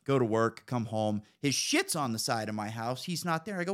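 A man hosting a podcast, telling stories in a casual, animated and profane way. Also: mid-range voice, a little fast. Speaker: podcast host. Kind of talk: casual storytelling chat.

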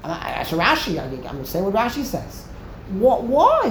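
A woman's voice: medium pitch, wildly swooping pitch, measured pace, a little hiss or hum. A woman giving a Torah lecture, emphatic, repeating phrases to drive home each point. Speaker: Torah teacher. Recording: roomy echo.

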